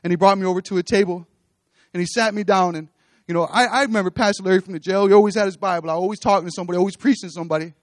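Casting: man preaching his own testimony, high voice, dry close sound, earnest and repetitive. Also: steady tone, rapid-fire, no room sound. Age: adult, with children. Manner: earnest, repeats phrases, rising to exhortation. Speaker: church speaker giving testimony. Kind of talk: testimony sermon. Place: church stage.

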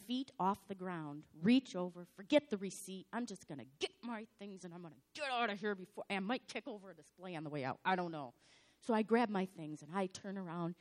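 Woman, pastor, sermon, slightly hoarse, lowish voice, dramatic storytelling.

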